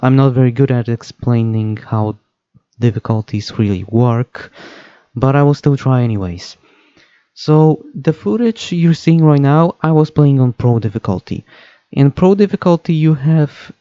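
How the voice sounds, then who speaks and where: A man's voice: mid-range voice, warm tone, clear, resonant tone, no echo, highs cut off. A young man talking over game footage, hesitant, with many fillers and self-corrections. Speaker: gaming video host.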